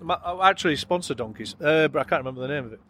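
Fast-talking, sweary Yorkshire man. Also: a little high, lively intonation, a bit bright, slightly rough. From England. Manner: blunt, sweary, rambling. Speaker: metal band guitarist, interviewee. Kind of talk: casual chat.

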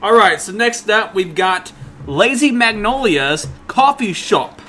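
Lively laughing man. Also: sits high, measured pace, slight background noise. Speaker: home brewer, beer tasting host. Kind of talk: casual chat.

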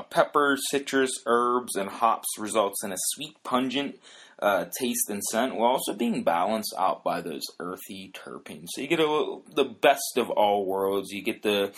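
Low-ish guy hosting his own podcast, rambly, lots of uh and if you will. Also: a bit bright. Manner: rambling, many fillers and restarts, "if you will". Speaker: podcast host. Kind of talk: casual solo explainer.

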